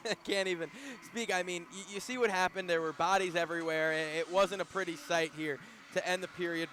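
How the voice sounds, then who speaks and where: A male color commentator talks in a high voice at a rapid clip, excitable and laughing as he trades banter. He works from an arena booth with a faint wash of noise behind him. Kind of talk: hockey broadcast commentary.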